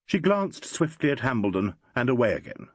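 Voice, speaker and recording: Expressive husky male narrator. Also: medium pitch, a little fast, no echo. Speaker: audiobook narrator. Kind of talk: scripted narration.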